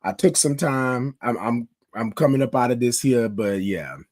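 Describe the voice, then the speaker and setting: A man in his fifties with a hoarse voice from a cold, hosting a casual morning live stream and greeting viewers by name. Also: medium pitch, moderate pace, darkish tone, no echo. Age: 50s. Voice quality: rough, scratchy voice. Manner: chatty, greets viewers by name, calls them y'all. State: hoarse, sick with a cough.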